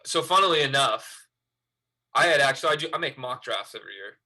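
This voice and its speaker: A man who is a guest on a casual sports podcast, speaking knowledgeably and sometimes trailing off into low mutters. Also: expressive, brisk, bright, forceful tone. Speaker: guest, video creator and fan.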